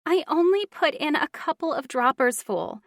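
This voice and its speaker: A woman's voice: high voice, lively intonation, moderate pace, no room sound, clean studio sound, pitched above the performer's own voice. Woman voicing a whiny, scheming young woman. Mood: defensive.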